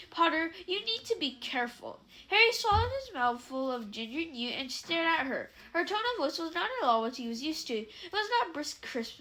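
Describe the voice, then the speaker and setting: A woman reads a novel aloud in a high, bright voice. She halts now and then and corrects her own slips as she goes. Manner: halting, with self-corrections. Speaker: reader.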